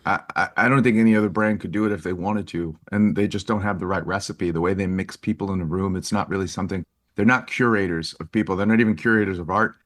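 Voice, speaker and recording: A man with a fairly low voice tells stories as a podcast guest. He talks in an animated, lively way, jumping up in pitch when he acts out what people said, and he laughs often as he goes. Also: quick pace. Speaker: guest photographer. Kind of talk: casual interview storytelling.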